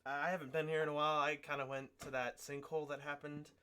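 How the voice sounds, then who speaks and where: A man voicing a proud veteran fighting grandmaster, a brisk mentor who rambles with halting fillers. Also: on the high side, little pitch movement, sharp tone, clear, resonant tone.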